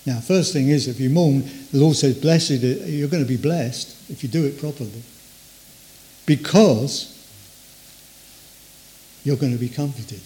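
An older man preaching a sermon in a conversational way, acting out inner voices and trailing off softly. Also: mid-range voice, a little slow, long pauses.

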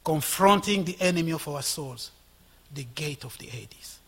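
A man preaching a sermon with passion, swinging from loud exhortation to hushed whispers. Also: a little high, animated, measured pace, husky.

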